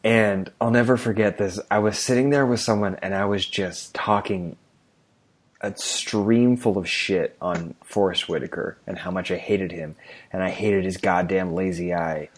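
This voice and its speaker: Ranting, low-voiced man on a podcast. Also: normal speed. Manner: animated, ranting, swears freely. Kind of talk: casual chat.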